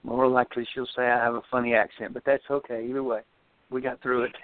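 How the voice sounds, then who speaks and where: A man calling in to a radio show reads a poem at a measured pace, then jokes around with the host in a friendly way. His voice sits in a middle pitch and comes through a thin, dry phone line. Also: little pitch movement, no room sound. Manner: measured when reading, friendly and joking. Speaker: caller. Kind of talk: poetry reading and casual chat.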